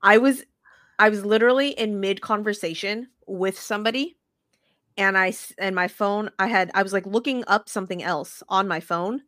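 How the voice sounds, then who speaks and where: Animated, profane woman chatting sports. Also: medium pitch, no echo, studio quality. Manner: animated, profane storytelling with fast restarts. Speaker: podcast co-host. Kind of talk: casual sports chat.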